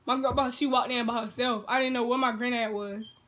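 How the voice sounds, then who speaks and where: A young woman, telling a personal story in a casual storytime vlog, turning loud and excited. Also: a little high, a little fast. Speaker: vlogger.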